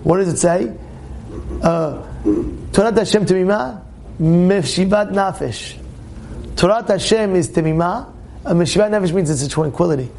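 A man teaching a lively Torah class as a rabbi, animated, often acting out other people's voices and restarting his phrases. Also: high voice, creaky, slight background noise. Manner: animated, acts out quoted voices, many quick restarts.

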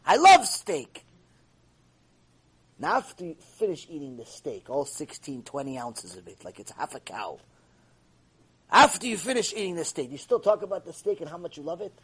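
A man gives an animated Mussar lecture in a high, husky voice. His pitch swings widely as he repeats key lines and keeps pressing with rhetorical questions. He lectures with lively energy. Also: a little fast, poor audio. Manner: repetitive, acts out dialogue, rhetorical questions. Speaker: Torah teacher giving a Mussar lecture.

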